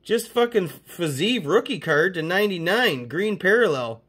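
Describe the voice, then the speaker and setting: A card-collecting host from Canada chats through his mail day, full of profanity and excited hype. His voice sits a little higher than most men's. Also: moderate pace, noisy background. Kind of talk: casual mail-day chat.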